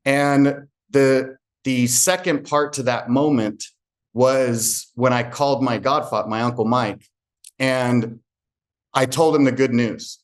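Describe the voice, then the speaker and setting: A man's voice: medium pitch, slow. A man who works as a real estate agent tells an earnest personal story to a group and acts out remembered conversations.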